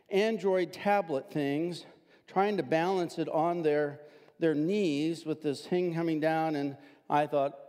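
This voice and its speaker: An older man, a pastor, telling a personal story in a sermon, animated and acting out the voices he quotes. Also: a little high, long reverb tail.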